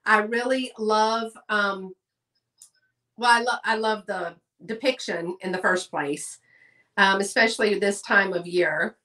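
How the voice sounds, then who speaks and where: A woman's voice: mid-range voice, a little slow, sharp tone, recorded from a distance. Chatty woman hosting a live sale. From Texas. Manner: chatty, folksy, talks to viewers in chat. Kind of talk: casual live-stream selling chat.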